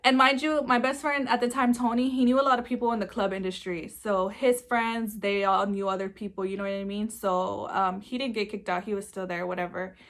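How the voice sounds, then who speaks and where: A young adult woman spins a story for her vlog in a loose, rambling way. She swears freely, leans on filler words constantly, and talks at an ordinary middle pitch. The feel is casual and conversational. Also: level tone, fairly quick, hardly any pauses, a bit bright. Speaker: vlogger.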